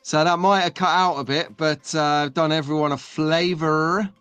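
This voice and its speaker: A man's voice: fairly high pitch, fairly even intonation, moderate pace, fairly bright tone, smooth, dry recording, soft background music. Chatty man hosting a stream. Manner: chatty, jokey banter with the chat. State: just woken up. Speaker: host. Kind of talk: casual live-stream chat.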